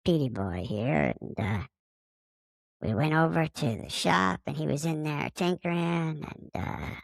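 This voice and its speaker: A man's voice: fairly high pitch, unhurried, creaky, no room sound. A man playing a friendly, immature male space alien who has taken over a podcaster's body, talking in a rambling, casual way and fond of swearing. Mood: chatty. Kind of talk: casual improvised monologue.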